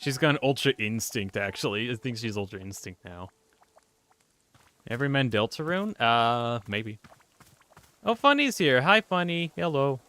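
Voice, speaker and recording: A man's voice: medium pitch, expressive, moderate pace, sharp tone. A man streaming a video game, chatting casually and rambling as he reacts to his chat. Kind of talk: casual gameplay commentary.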